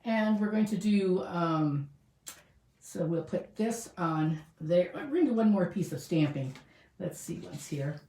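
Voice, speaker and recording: A woman's voice: on the low side, animated, unhurried, mellow. A woman demonstrating card-making at her craft table, chatting and thinking aloud with fillers as she works. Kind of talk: casual crafting tutorial. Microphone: camera mic set above the work table. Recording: roomy sound with the mic some distance away.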